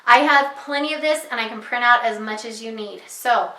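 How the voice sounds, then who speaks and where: Bright-voiced woman teacher, echoey room. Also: fairly high pitch. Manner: clear, patient, slows to model sounds. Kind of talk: instructional walkthrough for parents.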